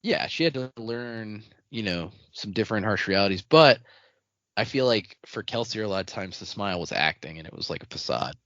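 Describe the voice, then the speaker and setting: A man co-hosting a podcast, chiming in with wry asides and deadpan jokes in casual chat. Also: lowish voice, fairly quick, dry recording. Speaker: podcast co-host. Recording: dull, slightly lo-fi podcast audio.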